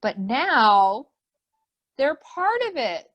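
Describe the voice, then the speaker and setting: A woman hosts a webinar for preschoolers, reading a picture book aloud over a computer mic. Her voice sits high and swoops widely as she fills each page with gasps and questions for the children. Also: big pitch swings, drawn-out words, lo-fi sound. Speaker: children's program host.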